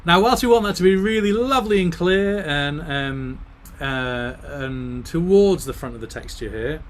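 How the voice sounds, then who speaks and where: A man's voice: on the high side, lively intonation, moderate pace. A man leading an online choir rehearsal. He talks through the music, often singing phrases to demonstrate. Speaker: choir director.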